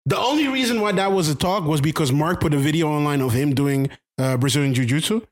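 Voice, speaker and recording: A man's voice: on the high side, fast talker. A man co-hosting a casual podcast, teasing and arguing, often repeating himself. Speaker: podcast co-host.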